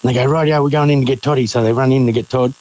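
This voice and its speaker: Middle-aged Australian man, mid-pitched, casual yarn-spinning with quoted voices. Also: fairly even intonation, rapid-fire, a little mellow, rough recording. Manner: laid-back, acts out quoted voices, chuckles. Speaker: interviewee, former miner. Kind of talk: casual storytelling.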